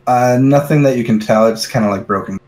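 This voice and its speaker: A man running a tabletop game as game master, narrating with relaxed, halting phrasing. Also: mid-range voice.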